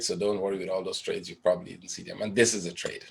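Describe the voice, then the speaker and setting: A trading educator runs a live webinar, thinking aloud over a chart and answering his own questions, often tagging on "right?" His low voice is flat, fast and fry-laden, with slight background noise.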